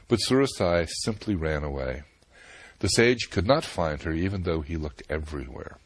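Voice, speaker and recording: A man calmly narrating a myth, acting out the characters' lines in measured storytelling. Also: deep voice, no room sound. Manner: calm, measured storytelling with voiced dialogue.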